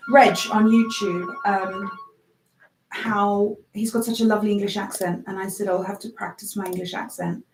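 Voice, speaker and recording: A woman's voice: mid-range voice, flat delivery, normal speed, distant mic, a little hiss or hum. A woman presenting a live radio show from a small studio, a native Afrikaans speaker chatting casually with callers and viewers and giggling often. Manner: chatty, giggly, self-deprecating. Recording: roomy sound from off-mic.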